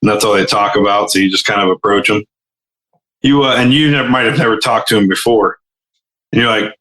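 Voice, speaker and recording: A man's voice: lowish voice, a little fast, fairly bright tone, roomy sound, rough recording. A man co-hosting a casual podcast, telling crude jokes and acting out the lines of people in his stories. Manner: crude, joking storyteller, acts out quotes. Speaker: podcast co-host.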